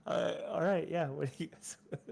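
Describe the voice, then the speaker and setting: A man's voice: fairly high pitch, normal speed, creaky, darkish tone. A man as dungeon master running a tabletop game, laughing at himself and making self-mocking asides.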